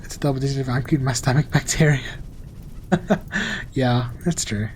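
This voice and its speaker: He talks fast but keeps a steady tone, his medium-pitched voice a little mellow. The young streamer casually reads chat and remarks on his gameplay, easygoing and self-mocking, with slight background noise and faint music.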